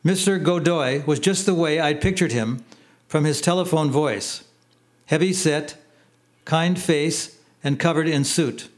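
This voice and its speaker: A man reading his memoir aloud in plain, unhurried storytelling. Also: fairly high pitch. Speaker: narrator. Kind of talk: memoir audiobook narration.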